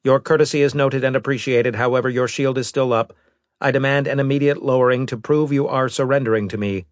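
A man's voice: mid-range voice, fairly even intonation, a little fast, no room sound, studio quality, pitched above the performer's own voice, natural voice. A man voicing a rigid alien robot that speaks in a stiff, formal, insistent way. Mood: demanding.

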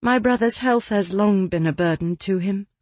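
A narrator voicing a refined young gentlewoman, polite and measured, in an audiobook. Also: mid-range voice, dry recording, voice pushed up, close to an everyday voice. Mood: gracious.

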